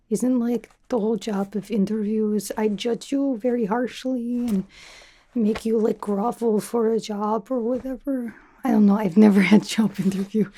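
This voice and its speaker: A woman's voice: mid-range voice, close to an everyday voice. A woman doing Yelena, a teasing spy in whispered role-play. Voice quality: soft, half-whispered, rambling. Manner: teasing, chatty, self-absorbed, drops articles. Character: brash, teasing female spy interviewing a recruit. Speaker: ASMR creator.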